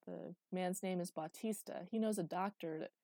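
A woman reading the lines of a big, gruff male commander in an audiobook, in a dry recording. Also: high-pitched, moderate pace, mellow, no room sound. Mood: steady. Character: big deep-voiced calm male commander.

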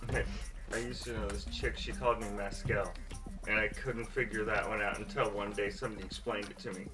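Wry low-voiced man, off-mic. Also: level tone, far from the mic, music in the background. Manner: wry, joking, slow and deliberate when introducing. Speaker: podcast host. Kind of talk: casual chat.

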